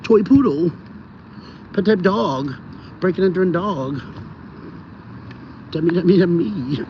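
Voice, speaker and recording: A man's voice: high voice, animated, a little slow, highs cut off, slight background noise. A man voicing his own goofy, simple-minded male toy poodle, chanting short repeated phrases.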